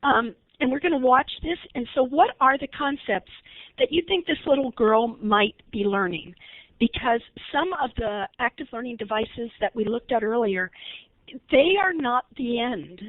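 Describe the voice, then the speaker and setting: A woman's voice: on the high side, moderate pace, dry recording. A woman leading a recorded webinar training, talking conversationally and asking her audience questions. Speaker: early intervention trainer. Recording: tinny phone-like line, dry.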